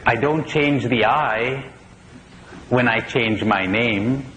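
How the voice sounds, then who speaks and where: A man's voice: medium pitch, slow, fairly bright tone. A priest giving a spiritual conference talk, asking probing questions and telling jokes he laughs at himself, on an old tape recording. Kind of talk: spiritual lecture to an audience. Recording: old conference tape in a reverberant hall with faint hiss.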